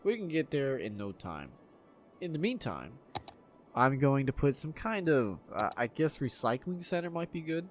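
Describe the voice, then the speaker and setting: A man casually commentating his own city-building game, excitable, swearing freely and laughing often. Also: mid-range voice, moderate pace, faint music behind. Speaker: gameplay video host. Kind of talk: casual let's-play commentary.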